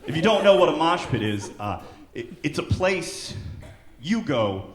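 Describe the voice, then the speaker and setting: Animated man doing stand-up in an echoey club. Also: on the high side, a little slow. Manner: animated, bursts into loud shouted character voices. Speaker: stand-up comedian. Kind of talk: stand-up comedy set. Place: comedy club stage with live audience. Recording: echoey club with loud crowd. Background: audience laughter.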